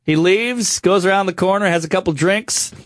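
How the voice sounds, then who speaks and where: A man co-hosting a comedy podcast, telling stories in a casual chat, animated and laughing through his own tales as he acts out the people in them. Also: sits high, normal speed, no echo. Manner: animated, acts out quotes in voices.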